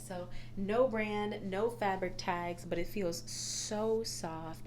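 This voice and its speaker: A woman's voice: mid-range voice, fairly even intonation, takes it slowly, hardly any pauses, background noise. A young woman chatting casually about her thrift haul for resale, gushing and laughing often. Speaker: reseller vlogger. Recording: echoey room.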